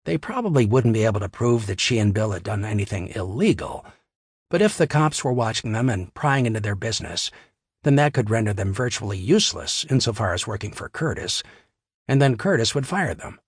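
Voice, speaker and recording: A man narrating a crime novel in a steady, wry storytelling manner on a close studio mic. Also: on the low side, fairly quick, slightly rough, dry recording. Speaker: audiobook narrator. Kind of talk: scripted narration.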